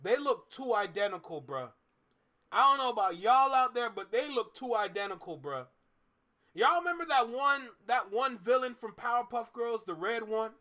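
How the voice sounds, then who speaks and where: Caribbean-accented male reaction host, high and swooping, drawn-out exclamations. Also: sing-song, pushed and bright. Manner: laughing, slow, exclaiming, slips into patois. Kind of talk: live reaction commentary.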